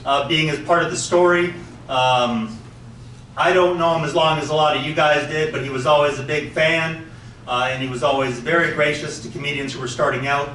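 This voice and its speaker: High-voiced man, bright, comic tribute, echoey hall, far from the mic. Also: slight background noise. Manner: joking, crude punchlines. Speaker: stand-up comedian. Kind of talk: eulogy with stand-up jokes. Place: comedy club stage.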